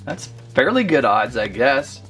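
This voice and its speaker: A man's voice: medium pitch, big pitch swings, a little slow, fairly bright tone, soft background music. Chatty man reviewing toys. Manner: chatty, rambling, easily amused. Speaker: toy reviewer. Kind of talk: casual unboxing review.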